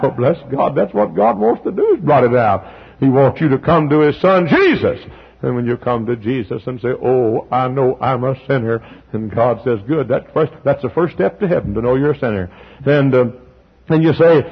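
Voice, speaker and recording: Gravelly preacher man, lo-fi. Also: medium pitch, normal speed. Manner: impassioned preaching, swings from soft to loud, sings hymn lines. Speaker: pastor. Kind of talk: sermon. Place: church sanctuary.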